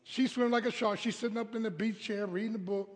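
A man preaching a humorous, animated storytelling sermon at a live service, calling out to the congregation. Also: sits high, quick pace, in a large hall. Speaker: pastor. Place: church sanctuary, live service.

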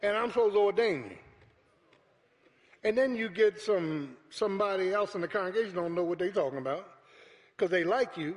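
A pastor preaching a sermon to his congregation, calling out to them and building up to shouts. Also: sits high, fairly quick, pauses often. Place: church sanctuary. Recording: echoey church hall.

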